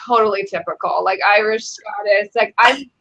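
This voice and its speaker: A woman's voice: medium pitch, steady tone, normal speed, fairly bright tone, highs cut off. A woman guest on an online chat, talking in a brash, profane, rambling way full of likes. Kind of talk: casual chat.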